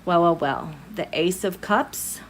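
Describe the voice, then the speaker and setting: A woman giving a live-streamed tarot reading in an animated, exasperated way, speaking straight at the people she reads about. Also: fairly low pitch, measured pace, a little hiss or hum. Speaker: tarot reader.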